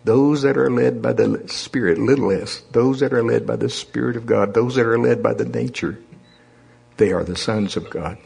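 A male preacher delivering a sermon in a folksy, talky way, often asking the congregation to say the words back with him. His voice is husky and a little breathy, sitting at a middle pitch for a man. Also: normal speed, darkish tone. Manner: folksy, calls for congregation to repeat after him.

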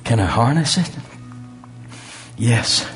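A man's voice: medium pitch, expressive, takes it slowly, fairly bright tone, soft background music. A man, preaching a sermon in a folksy storytelling way. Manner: folksy storytelling with quoted voices.

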